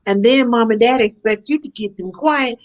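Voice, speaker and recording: A woman talking as a nanny in a casual conversation, animated and acting out the parents and children she describes. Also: fairly high pitch. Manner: animated, acts out parents and kids in quick asides. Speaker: nanny guest.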